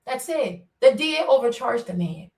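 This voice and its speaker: A woman's voice: a little high, very animated, moderate pace, darkish tone. A middle-aged woman hosting a solo commentary, talking in an emphatic, repetitive, lecturing way. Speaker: commentary show host. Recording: echoey room, mic at a distance.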